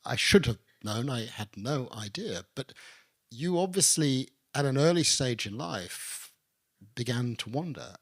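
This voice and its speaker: A man hosts an onstage conversation with an author, speaking in a voice with a strong gravelly edge at a middle pitch. He asks measured questions, sometimes hesitating before he finds the phrasing. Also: animated, fairly bright tone. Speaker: interviewer, barrister and author. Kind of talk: onstage interview. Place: arts venue, live audience.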